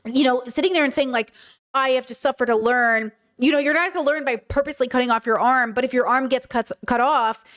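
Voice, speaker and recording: A woman's voice: sits high, fairly quick, a bit bright. A woman doing casual livestream commentary, reacting to a clip and pressing her chat with emphatic rhetorical questions. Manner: casual, addresses viewers as girlies. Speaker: streamer reacting to videos.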